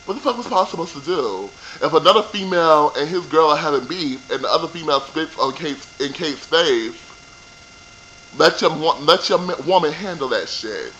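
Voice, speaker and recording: A man's voice: fairly high pitch, lively intonation, normal speed, sharp tone, slight background noise, poor audio. A young man ranting casually about a reality show reunion, sassy and profane. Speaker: vlogger reviewing a reality show. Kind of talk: casual rant.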